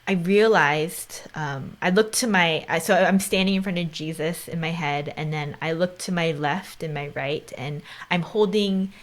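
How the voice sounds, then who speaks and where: Talking a little slowly with hardly any pauses, this lowish-voiced podcast host in her thirties keeps the conversation casual and earnest. She often sinks to a near whisper and sprinkles in plenty of "like" and "right?".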